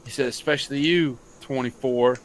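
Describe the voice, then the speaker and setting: A young man, a high school football coach, telling a long story on a casual late-night podcast, swearing freely and acting out what others said. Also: normal speed, slight background noise. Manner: profane, animated storytelling.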